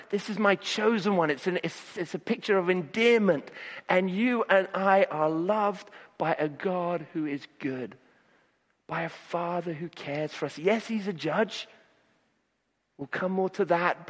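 High-voiced man preaching in a reverberant hall. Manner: earnest, repeats words when starting sentences. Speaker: pastor. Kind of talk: sermon.

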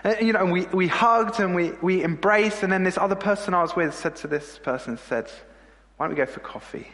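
A man's voice: sits high, a little fast, a bit bright, in a large hall. A middle-aged male pastor preaching an earnest, heartfelt sermon, sometimes repeating words when moved.

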